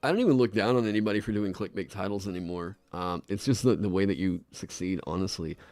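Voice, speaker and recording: On a live stream, a deep-voiced man talks fast in a darkish tone through a desk mic with no echo. He's a streamer working out a class for a game, rambling along, laughing often and swearing freely.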